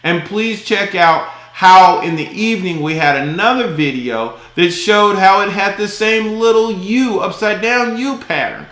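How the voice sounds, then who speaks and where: A man's voice: high-pitched, expressive, measured pace, few pauses, a bit bright, reverberant. A man hosting a crypto channel, talking casually, with emphatic, exasperated and folksy commentary and a bit of cussing.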